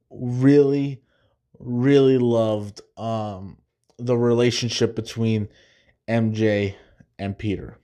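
An enthusiastic man in a casual solo podcast review. His voice sits in an ordinary middle pitch. He stumbles and restarts often and slips into little acted-out quotes. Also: a little mellow. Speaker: podcast host.

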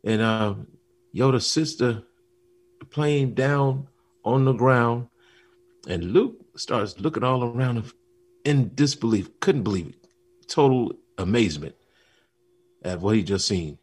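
A man co-hosting a casual talk show, telling a story with animated retellings and acted-out lines. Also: medium pitch, unhurried, pauses often, husky. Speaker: podcast co-host. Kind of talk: casual chat.

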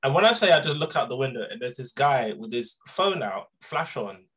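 A young man co-hosting a podcast, chatting casually and telling stories in animated slang. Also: medium pitch, brisk. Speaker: podcast co-host. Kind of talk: casual chat.

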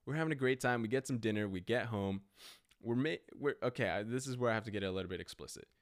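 A young man with a mid-range voice talks fast as he hosts a podcast. He tells a rambling, animated story in a casual way, leaning heavily on "like."

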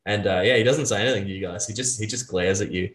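Bright-voiced man running a tabletop game. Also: lowish voice, quick pace, reverberant. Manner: narrates with many fillers and restarts. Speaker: game master.

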